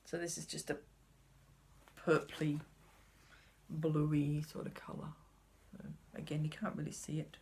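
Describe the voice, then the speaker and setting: A chatty woman talks casually through her craft supplies. Her voice is fairly low and gravelly, and she rambles, sometimes dropping to a whisper. There is a faint hiss of background noise. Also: level tone, a little slow, long pauses, a little mellow. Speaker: cross-stitch vlogger.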